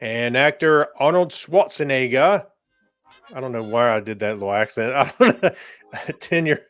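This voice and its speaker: Easygoing mid-pitched man co-hosting a podcast. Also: moderate pace, fairly bright tone, smooth, no room sound, soft background music. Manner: easygoing, laughs often. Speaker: podcast co-host. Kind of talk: casual chat reading history notes.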